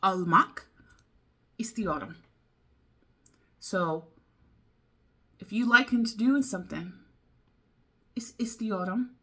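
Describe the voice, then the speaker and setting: A woman talking slowly and casually to camera, puzzling over new words out loud. She repeats phrases to herself and wanders into side chatter, with small laughs along the way. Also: mid-range voice, breathy edge. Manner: thinks aloud, repeats foreign phrases and muses to herself; chatty, easily sidetracked, with little laughs. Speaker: language-learning vlogger. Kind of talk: casual study vlog.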